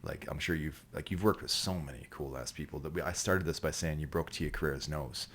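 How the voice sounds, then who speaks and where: A man, a podcast guest from Canada, telling a rambling, profane story in casual chat and breaking into loud laughing bursts. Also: a bass voice, fairly quick, slight background noise.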